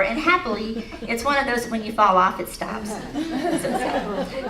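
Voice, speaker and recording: A woman's voice: fairly high pitch, big pitch swings, takes it slowly, a loud crowd. A middle-aged woman giving a motivational talk at an expo, telling a personal story with laughter and then leading the audience in affirmations. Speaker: speaker at an expo. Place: large hall at an expo. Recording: echoey hall recorded from a distance.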